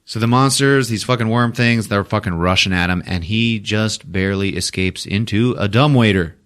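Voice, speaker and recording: A man hosting a podcast, retelling a movie in a profane, animated way. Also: lowish voice, moderate pace. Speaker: podcast host. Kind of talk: casual movie recap. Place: podcast studio.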